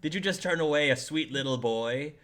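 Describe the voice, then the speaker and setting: A man's voice: a little high, a little fast, fairly bright tone, pitched above the performer's own voice, close to an everyday voice. A man playing a stern middle-aged male delivery-company boss in a tabletop game, businesslike and full of fillers.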